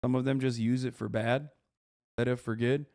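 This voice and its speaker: A man's voice: mid-range voice, steady tone, a little fast, darkish tone. Exasperated man ranting on stream. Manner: exasperated, swearing, rants. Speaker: streamer reacting to clips. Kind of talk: casual reaction commentary.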